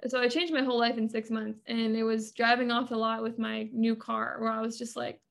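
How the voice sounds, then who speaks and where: Gravelly higher-voiced woman, earnest storyteller. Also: flat delivery, a little fast. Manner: earnest, chatty storytelling with many fillers. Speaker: podcast guest. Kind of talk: casual interview talk.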